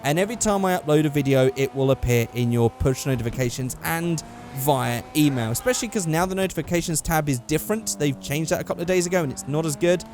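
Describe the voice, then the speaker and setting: A man's voice: a little high, quick pace, a little mellow, slight background noise. A young man giving rambling, casual gameplay commentary, swearing freely and correcting himself as he goes. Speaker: gaming YouTuber.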